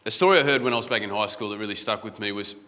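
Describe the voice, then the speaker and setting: Racing along in a fairly low, pushed and bright voice, an Australian man speaks as a guest at a conference. His talk is casual and full of anecdotes, delivered conversationally from a stage. He restarts phrases often, repeating words, and the large hall sounds echoey.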